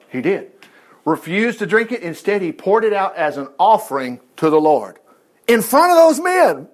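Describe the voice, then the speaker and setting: A man reading the Bible aloud in an informal way, breaking in with excited exclamations and asides. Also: sits high, moderate pace. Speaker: Bible teacher.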